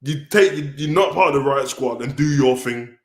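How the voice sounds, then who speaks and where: A man's voice: mid-range voice, moderate pace. A man hosting a livestream, ranting bluntly and casually with many restarts. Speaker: wrestling commentator and livestream host. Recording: roomy echo.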